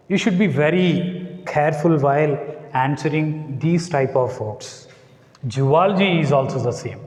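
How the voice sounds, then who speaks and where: A man's voice: on the high side, a little mellow, echoey room, big-room sound. A man teaching English with an Indian English accent, spelling out letters, repeating words and checking "got it?". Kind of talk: classroom lecture.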